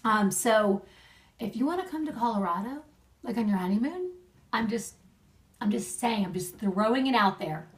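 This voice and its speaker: A woman's voice: a little high, animated, moderate pace, distant mic. A young adult woman giving friendly marriage advice in a casual video message, chatty and laughing often. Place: at home.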